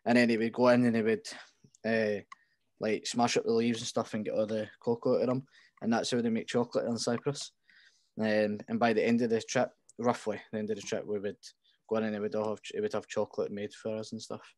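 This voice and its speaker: Brief: twenties Scottish male guest, lower voice, hesitant and casual. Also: little pitch movement, brisk, a little mellow. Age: 20s. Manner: hesitant, many fillers and restarts. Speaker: podcast guest. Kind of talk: casual storytelling.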